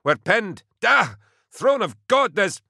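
A man's voice: on the high side, animated, normal speed, sharp tone, no echo, studio quality, voice pushed up. A man voicing a male army major pinned under fire, talking in terse, urgent bursts. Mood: panicked. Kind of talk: audiobook character voice.

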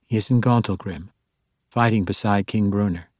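A man voicing a calm, firm young heroine. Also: lowish voice, normal speed, no echo, clean studio sound, close to an everyday voice. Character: pregnant young woman, strong and guarded.

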